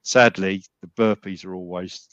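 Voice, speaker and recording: A man's voice: low voice, steady tone, moderate pace, a bit bright, dry recording, highs cut off. A man talking casually as a podcast guest, rambling with many restarts and fillers. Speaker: gym client and podcast guest.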